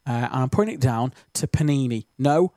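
A man's voice: medium pitch, fairly quick, mellow, dry recording, clean studio sound. Chatty Stoke-accented radio DJ man. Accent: Stoke-on-Trent English. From Stoke-on-Trent, England. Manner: chatty, rambling, self-deprecating. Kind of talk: casual radio chat between songs. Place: radio studio. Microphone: studio microphone.

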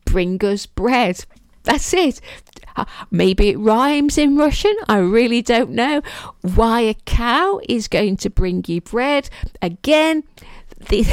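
A woman's voice: mid-range voice, gravelly, no room sound. A woman hosting a podcast, talking casually on her own, chatty and poking fun at herself as she goes. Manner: chatty and self-mocking, laughs at herself. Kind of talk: casual solo monologue.

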